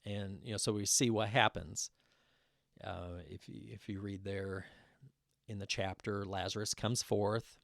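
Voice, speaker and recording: A man teaching a casual Bible study, reading scripture aloud and explaining it in a relaxed way with many fillers and restarts. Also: on the low side, a little slow, creaky, no echo, clean studio sound. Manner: reads scripture passages aloud.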